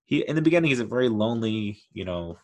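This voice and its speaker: A man's voice: fairly low pitch, expressive, fast. A man talking casually as a video host, rambling and correcting himself, with frequent chuckles. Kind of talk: casual commentary.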